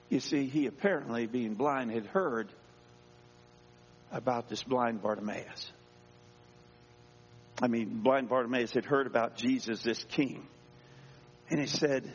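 Speaking at a measured pace with long pauses, a medium-pitched, slightly bright-voiced pastor preaches in church, reading scripture and dramatically acting out its voices. The recording carries a dull church echo plus a little background noise.

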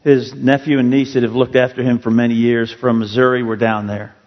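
A man's voice: mid-range voice, level tone, brisk, lo-fi sound. Earnest man preaching in a reverberant hall. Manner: earnest, storytelling, rising emphasis on key words. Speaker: pastor. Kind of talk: sermon. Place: church sanctuary.

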